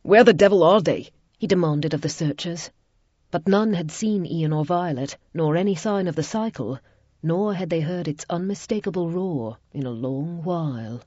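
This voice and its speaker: A woman reading a romance audiobook in a measured, even narration. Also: low voice, no room sound. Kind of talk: scripted narration. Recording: dull lo-fi recording.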